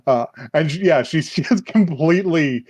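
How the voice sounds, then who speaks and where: A man hosting a podcast, telling an anime story in casual chat, with lots of laughter and quick switches into voices. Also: a little high, dry recording. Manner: animated, laughing storyteller who acts out voices. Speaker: podcast host.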